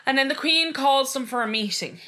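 Brief: young woman, fairly high bright voice, blunt and animated podcast co-host. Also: brisk. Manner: blunt, swears freely, animated storytelling. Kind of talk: casual chat.

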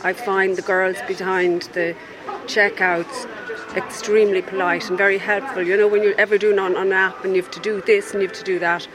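A man's voice: high voice, flat delivery, a little fast, crowd noise, poor audio. A man stopped on the street, giving his opinions in a chatty way. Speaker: passer-by. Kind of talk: street vox pop.

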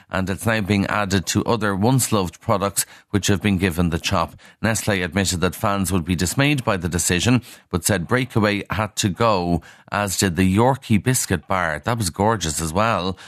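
Man, deep voice, radio newspaper review, frank chatty asides, dry studio. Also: a bit bright, dry recording. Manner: conversational, frank, with fillers and asides.

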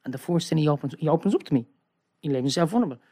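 A man with an Irish accent telling a rambling, animated story as a guest, often checking in with "right?". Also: a little high, very fast. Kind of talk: casual storytelling.

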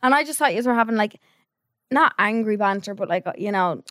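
A young Irish woman chatting casually, recounting a night out with animated quoted dialogue. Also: medium pitch, a little fast, no echo, studio quality. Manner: animated storytelling, acting out quotes. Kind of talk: casual chat.

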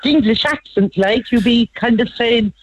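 A woman's voice: fairly high pitch, moderate pace, highs cut off, a little hiss or hum. An older woman, chatting and laughing as a radio guest. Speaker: guest, wife. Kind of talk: casual chat.

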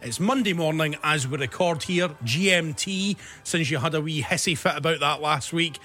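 A man's voice: on the high side, normal speed, pushed and bright, faint music behind. A Scottish man hosting a podcast, with a dry, teasing, sarcastic way of talking, recorded indoors in a studio. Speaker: podcast host. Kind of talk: casual podcast chat.

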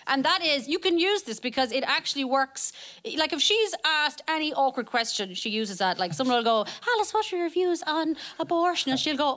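Woman comedy panelist, halting storyteller, a touch high. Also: animated, fairly bright tone. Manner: rambling, halting, breaks into laughter. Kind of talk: casual comic banter.

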